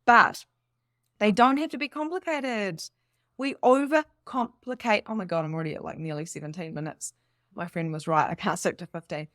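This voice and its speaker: A woman speaking as a spiritual coach in a casual, rambling monologue, animated and laughing often. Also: mid-range voice, normal speed, no echo, studio quality. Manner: animated and enthusiastic.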